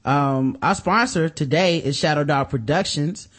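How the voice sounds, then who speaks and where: A man's voice: a little high, fairly bright tone. A man hosting a podcast, chatting casually, reading a sponsor spot and plugging his site with loose, joking asides. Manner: loose, joking, shifts between fast asides and drawn-out hype. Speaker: podcast host.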